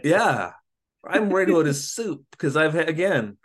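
A man co-hosting a casual podcast, retelling an episode in an animated, jokey way. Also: a little high, normal speed. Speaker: podcast co-host. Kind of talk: casual comedic recap chat.

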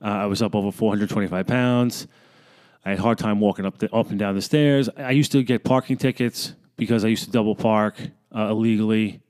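A man's voice: fairly low pitch, steady tone, fairly quick, a little mellow. A man in his thirties, a fitness coach, talking bluntly and profanely in a rambling casual monologue.

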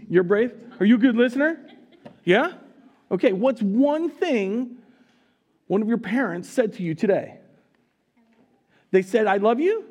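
A man's voice: sits high, animated, measured pace, pauses often, darkish tone. A man preaching a live sermon in a church, teasing his congregation and laughing often as he talks. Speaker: pastor. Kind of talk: live sermon with audience interaction. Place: church sanctuary.

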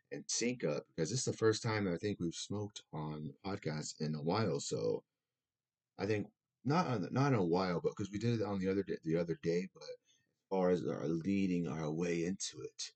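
Man, very deep voice, casual podcast rant, profane, rambling. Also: a little mellow, husky. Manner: profane, rambling, lots of restarts. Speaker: podcast host. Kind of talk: casual ranting podcast chat.

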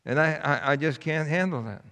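A man's voice: on the high side, normal speed, bright, forceful tone, voice pushed up. A man voicing a brave schoolboy who earnestly begs to take another boy's punishment. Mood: pleading. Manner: pleading, earnest. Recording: long hall reverb.

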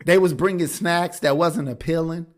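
A man's voice: fairly high pitch, fairly even intonation, normal speed. A man co-hosting a podcast, telling stories in casual, profane chat and slipping into mocking voices. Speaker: podcast co-host.

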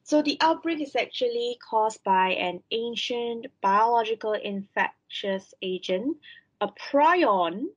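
A woman on a podcast recapping a TV series, halting with frequent ums. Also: on the high side, expressive, husky, muffled recording. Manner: hesitant, many ums and restarts. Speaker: podcast co-host. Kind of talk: casual chat, recapping a show.

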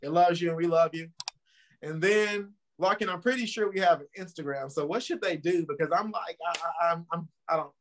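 A man's voice: a little high, brisk, slight background noise. A man co-hosting a casual podcast, speaking in an emphatic, motivational way and laughing easily. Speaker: podcast co-host.

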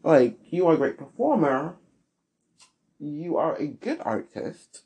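A man hosting a solo podcast, giving blunt, sassy opinions with big swings in pitch. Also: animated, a little slow, darkish tone. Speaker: podcast host.

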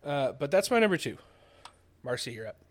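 A man's voice: medium pitch, very animated, a little fast. A man hosting a podcast in casual chat over a remote call, upbeat and teasing, with laughs. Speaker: podcast host. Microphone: remote call mic.

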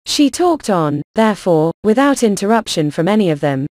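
A woman narrating a classic novel as an audiobook, in an even, measured reading. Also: mid-range voice, no echo, clean studio sound.

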